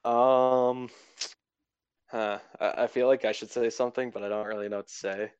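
A young man talking casually in an exit interview about a game he was eliminated from, rambling with lots of fillers in a fairly monotone voice. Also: medium pitch, normal speed, clear, resonant tone, no echo, muffled recording. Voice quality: self-described monotone. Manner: rambling, filler-heavy, laid-back. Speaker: eliminated player being interviewed.

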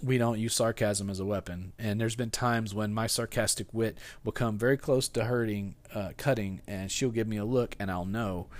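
A man preaching a sermon in a conversational way, often restarting his sentences and acting out quoted lines with sudden jumps in pitch and loudness. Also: steady tone, normal speed, few pauses, no room sound. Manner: conversational, with repeated restarts and playful sarcasm. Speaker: pastor.

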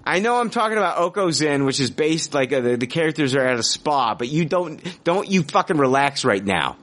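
A man hosting a casual podcast, talking in an animated, profane, mock-outraged way. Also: fairly high pitch, a little fast. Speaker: podcast host.

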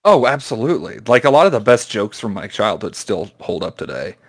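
A man co-hosting a podcast, trading jokes in a dry, offhand deadpan. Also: lowish voice, fairly quick, breathy edge. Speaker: podcast co-host. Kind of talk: casual joke-telling chat.

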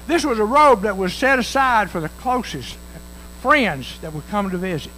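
A man's voice: high-pitched, expressive, moderate pace, bright, forceful tone, a little hiss or hum, low-quality recording. A male pastor preaching a sermon in a folksy way, acting out the voices of the parable as he tells it.

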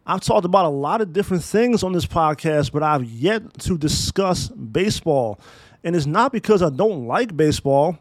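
A man's voice: fairly high pitch, no echo. A man in his thirties from Maryland hosting a solo podcast, talking in a blunt, profane, emphatic way. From Maryland, USA. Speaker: podcast host. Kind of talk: opinionated solo podcast monologue.

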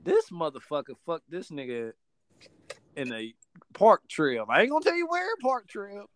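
A man's voice: on the high side, sing-song, normal speed, fairly bright tone, no room sound. A man, hosting a podcast and casually telling a profane story full of acted-out voices. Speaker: podcast host.

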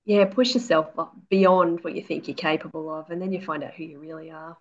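Low-pitched and fairly quick, her voice stays fairly even, captured in slightly dull lo-fi audio. This forties-aged author chats casually as an interview guest, a storyteller who says "you know" a lot and performs what people said.

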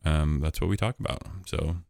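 Low gravelly guy rambling on his podcast, lots of ums, dry sound. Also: fairly even intonation, moderate pace, darkish tone, dry recording. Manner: rambling, jokey, lots of fillers. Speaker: podcast host. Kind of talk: casual podcast chat.

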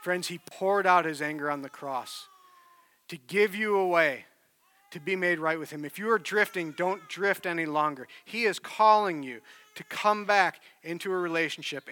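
A man preaching from the pulpit, spinning a personal story with animated, earnest storytelling. His voice is bright and a touch high, recorded close and dry with no room sound. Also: moderate pace, no echo. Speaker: pastor.

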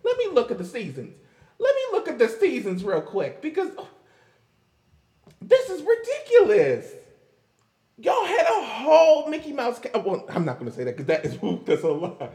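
A man's voice: very high voice, huge pitch swings, moderate pace, mellow, long reverb tail. A man doing casual pop-culture commentary on a vlog, sarcastic and exasperated, often breaking into laughter. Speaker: commentary vlogger.

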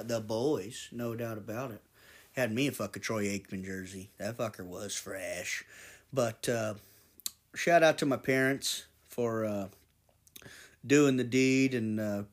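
Profane rambling man hosting a podcast. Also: mid-range voice. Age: 20s. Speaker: podcast host. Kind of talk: casual monologue.

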